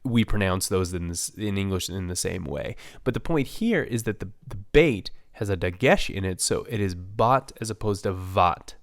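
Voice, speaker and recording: A man teaching a recorded language lesson, explaining slowly with many fillers and restarts. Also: sits low, animated, dry recording, clean studio sound. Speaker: Hebrew teacher.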